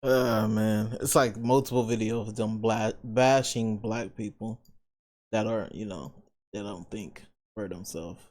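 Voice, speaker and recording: Slow, laid-back man reacting. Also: fairly even intonation, darkish tone. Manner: low-key, trailing off, laid-back. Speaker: reaction channel host. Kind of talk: reaction commentary.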